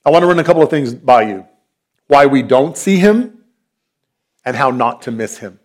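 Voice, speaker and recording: A man's voice: medium pitch, animated, moderate pace. A man, preaching a sermon as a pastor in an earnest, conversational, storytelling manner.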